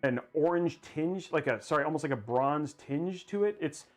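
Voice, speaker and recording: Excitable man hosting a PC-build livestream. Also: on the high side, moderate pace, faint music behind. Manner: excitable, rambling, hypes chat goals. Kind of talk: casual livestream chat.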